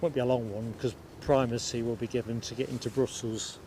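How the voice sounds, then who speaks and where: A man's voice: mid-range voice, flat delivery, brisk, darkish tone, slight background noise. A man from the United Kingdom hosting a live stream outdoors at an airport, chatting casually, laughing easily and greeting viewers by name.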